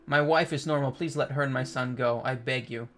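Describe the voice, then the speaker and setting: A man's voice: medium pitch, steady tone, fairly quick, fairly bright tone, a little hiss or hum, lightly acted. A man reading a pleading captive father.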